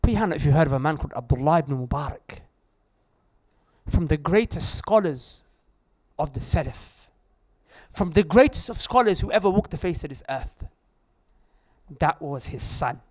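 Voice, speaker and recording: A man preaching with an animated delivery, his pitch swinging up and down as he talks straight to the crowd. He mixes jokes into the sermon. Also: moderate pace, long pauses. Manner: animated, joking and addressing the crowd directly. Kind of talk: lively sermon to a live audience. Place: Islamic centre hall.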